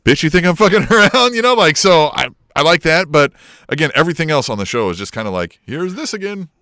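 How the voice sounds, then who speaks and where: A man's voice: fairly high pitch, lively intonation, fast, bright, forceful tone, no echo, studio quality. A man co-hosting a podcast, chatting casually and sounding exasperated, with plenty of swearing. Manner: exasperated, profane. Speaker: podcast co-host. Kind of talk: casual profane podcast chat.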